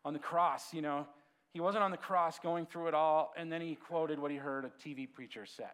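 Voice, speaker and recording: A man preaching a sermon as pastor, conversational and animated, swinging from lively storytelling to quiet, hushed asides. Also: on the high side, a little fast, clear, resonant tone. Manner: conversational, animated storytelling with sudden drops to a hush.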